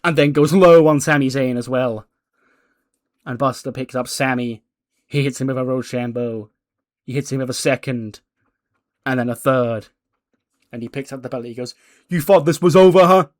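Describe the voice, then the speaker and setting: A man casually narrating a wrestling simulation playthrough, excitable and chatty, with many fillers. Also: mid-range voice, normal speed, pauses often, no room sound, studio quality. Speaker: game commentator.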